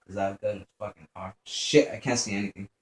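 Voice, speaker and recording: A man's voice: on the low side, fairly even intonation, quick pace. A young man commenting on his gameplay as he plays, swearing a lot, tensing up and muttering to himself. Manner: profane, jumpy, mutters to himself. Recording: echoey room, faint background noise.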